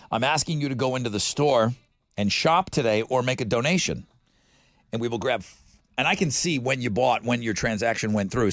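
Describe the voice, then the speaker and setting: A man hosting a morning radio show, chatting in a lively, jokey way and laughing easily. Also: medium pitch, no room sound. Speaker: radio host. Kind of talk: morning radio chat and live ad reads.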